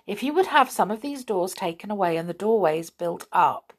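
A woman voicing a sensible little boy who talks in a brisk, impatient, matter-of-fact way. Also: mid-range voice, animated.

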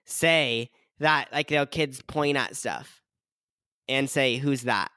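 A man's voice: mid-range voice, slow pace, sharp tone, clean tone, no echo, studio quality. A young man co-hosting a casual podcast, giggling often and saying "like" constantly as his thoughts trail off. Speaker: podcast co-host. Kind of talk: casual chat.

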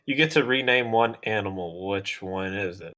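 A man with a Southern US drawl in casual podcast chat, relaxed and playful, asking the group questions. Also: fairly low pitch, moderate pace. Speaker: podcast co-host.

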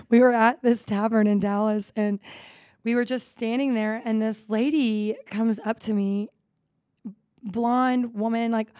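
A woman in her thirties co-hosting a podcast, telling stories in a lively, casual way with plenty of swearing and laughter. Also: a little high, no echo, studio quality. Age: 30s. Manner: animated storytelling with frequent swearing and laughs. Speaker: podcast co-host. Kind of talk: casual chat.

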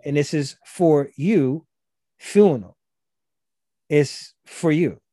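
Mężczyzna z akcentem Gullah Geechee. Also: male voice, fairly high pitch, steady tone, slow, mellow, no echo, studio quality. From South Carolina. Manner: loose, repetitive restarts, acts out quoted voices. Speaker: guest, language instructor. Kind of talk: casual conversational explanation.

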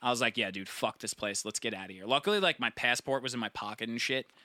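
A young man with a medium-pitched voice talks fast in a casual chat, with no echo. He rambles through a long, profane party story, animated throughout, acting out his friends' lines in their voices.

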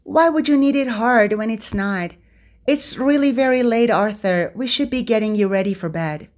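A woman's voice: on the high side, moderate pace, darkish tone, pitched above the performer's own voice, close to an everyday voice. A woman voicing a cheeky, fretful young male servant who bickers and pleads with his master. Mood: bickering servant.

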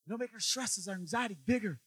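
Bright high-voiced man preaching. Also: animated, fast talker, husky, no room sound. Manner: swings between loud emphatic lines and quiet low stretches; repeats phrases for emphasis and asks the listener questions. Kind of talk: sermon.

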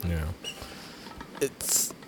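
A man's voice: very slow, soft background music. A man hosting a podcast in casual chat, laid-back and teasing, laughing often. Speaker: podcast host.

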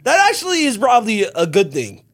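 A man's voice: sits high, wildly swooping pitch, fairly quick, a bit bright. A man co-hosting a podcast, teasing and playful in crude casual banter. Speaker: podcast co-host.

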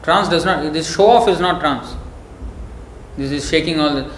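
A man's voice: fairly high pitch, moderate pace, a bit bright. A man giving a devotional sermon in an emphatic, scolding, storytelling manner. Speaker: preacher. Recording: echoey room, faint background noise.

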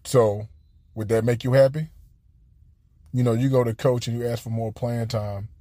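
A young man and former college basketball player telling a casual story, animated and acting out quotes with jumps in his voice. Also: mid-range voice, moderate pace, no room sound.

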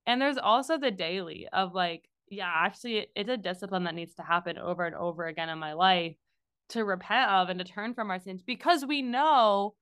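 A woman co-hosting a faith podcast, talking in a chatty, animated way with lots of asides. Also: mid-range voice, brisk, clean tone, no echo. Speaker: podcast co-host. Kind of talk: casual faith podcast chat.

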